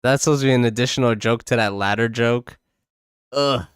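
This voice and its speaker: A man's voice: mid-range voice, a little fast, smooth, no echo, studio quality. A man hosting a casual drawing livestream, joking and exasperated and swearing freely as he chats. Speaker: livestream host. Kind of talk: casual chat while drawing.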